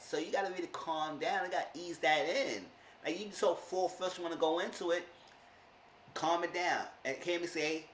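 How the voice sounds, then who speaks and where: A man's voice: a little high, fairly bright tone. A man casually recapping a reality TV episode for his viewers, chatty and loose, talking to them as "y'all". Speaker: YouTube show reviewer. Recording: roomy echo, distant mic, faint noise.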